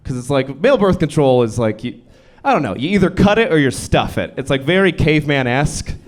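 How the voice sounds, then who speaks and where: Deadpan young man doing stand-up. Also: fairly high pitch, fairly quick. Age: young adult. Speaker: stand-up comedian. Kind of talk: stand-up set. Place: comedy club stage.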